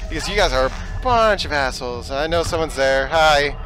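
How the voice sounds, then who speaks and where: Gamer guy with a high, sharp voice, ranting at the game, from yelling to muttering. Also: animated, a little fast. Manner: ranting, swearing at the game, swings between yelling and hushed muttering. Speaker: let's play gamer. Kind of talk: live gameplay commentary.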